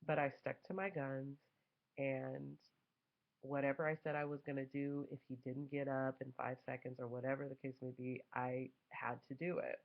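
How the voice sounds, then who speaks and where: A young mother casually telling a family story, animated and acting out quoted voices. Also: very deep voice, moderate pace. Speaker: mother vlogger. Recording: dull lo-fi home recording.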